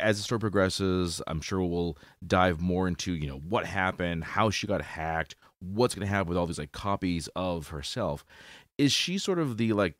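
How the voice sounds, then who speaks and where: A man hosts a casual interview and asks his questions with chatty enthusiasm and a lot of fillers. His voice is very deep but moves through a wide range of pitch. The sound is close and dry. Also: no echo. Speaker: podcast host.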